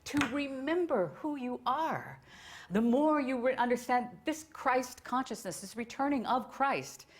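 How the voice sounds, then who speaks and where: A woman's voice: sits high, expressive, measured pace. A woman speaker on theosophy giving an informal lecture, enthusiastic and digressive, with many fillers.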